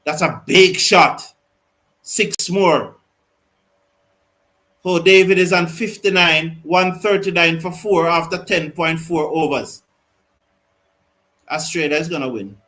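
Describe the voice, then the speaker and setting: Excitable man with a high voice. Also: slow, pauses often, rough recording. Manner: excitable, reads viewer comments aloud. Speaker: host of a cricket watch-along. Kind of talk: live cricket commentary and chat.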